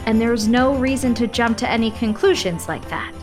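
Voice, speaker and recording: A woman's voice: fairly high pitch, lively intonation, normal speed, over music, close to an everyday voice. A woman voicing an anxious, motherly hen in a children's storybook, prim and reassuring until she panics. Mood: earnest.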